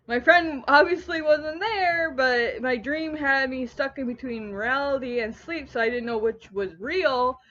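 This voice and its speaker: A young woman telling a story in a casual home vlog, rambling and animated, often stopping herself mid-sentence. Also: high-pitched, measured pace, hardly any pauses. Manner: rambling, animated, self-interrupting. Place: at home on a couch. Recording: dull lo-fi home recording.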